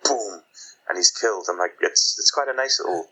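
A man with a low-leaning voice and a very bright, forceful edge co-hosts a book podcast. He rambles casually and slips into acting out lines as he talks. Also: brisk, husky, rough recording. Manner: rambling, acts out quoted lines. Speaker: podcast co-host. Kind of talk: casual book review chat.

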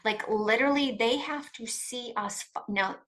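Middle-aged woman guest on an interview, bright voice, super emphatic, talks fast and keeps restarting. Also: fairly high pitch. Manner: emphatic, animated, restarts often. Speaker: guest expert on coercive control. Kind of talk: conversational interview.

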